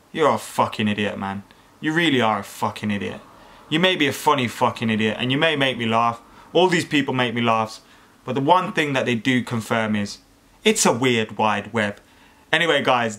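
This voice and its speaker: A YouTube host with a mid-range, fairly bright voice reads online comments aloud in a comedy vlog. He mocks them with exasperated, sarcastic rhetorical questions and lots of swearing.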